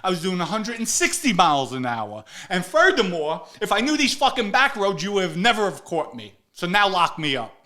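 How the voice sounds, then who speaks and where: Man doing a defiant foul-mouthed driver, a bit higher than his own voice, bright and pushy. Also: animated, normal speed. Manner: cocky, profane, indignant. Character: brash defiant man arguing with a cop.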